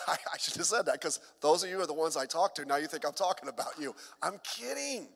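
A man's voice: on the high side, lively intonation, fast talker, gravelly, fairly bright tone, in a large hall. A middle-aged man, a pastor, preaching a sermon in a conversational way with joking asides.

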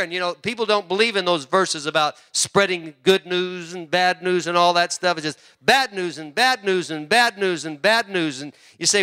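Middle-aged male pastor, higher-pitched, sharp tone, animated sermon delivery with loud peaks and quiet asides. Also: normal speed, hardly any pauses, no echo, clean studio sound. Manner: repeats words and restarts often.

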